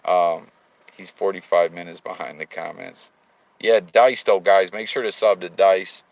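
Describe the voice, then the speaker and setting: A deep-voiced man with vocal fry keeps a steady tone and a slightly slow pace while livestreaming from behind the wheel. He reads viewer comments aloud in slang-heavy chat with sudden hyped bursts. The recording is dry and rough.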